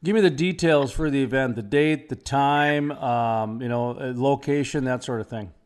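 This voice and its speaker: Talk radio host guy, mid-pitched, chatty, rambles, excitable. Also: normal speed, smooth.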